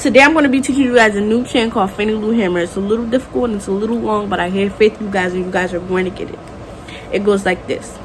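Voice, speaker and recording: A young woman teaching a call-and-response chant, upbeat and explaining it step by step before chanting it out loud. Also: medium pitch, fast talker, a little hiss or hum, rough recording.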